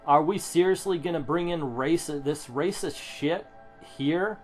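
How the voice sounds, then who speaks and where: A man's voice: fairly high pitch, a little slow. A middle-aged man reviewing a comic book, sarcastic and ranting, swearing now and then. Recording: music playing under the voice. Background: background music.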